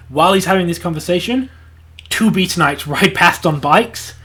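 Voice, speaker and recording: Husky man rambling through a plot recap. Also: high voice, a bit bright. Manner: acts out character lines in quick voices. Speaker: podcast co-host. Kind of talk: casual anime review chat.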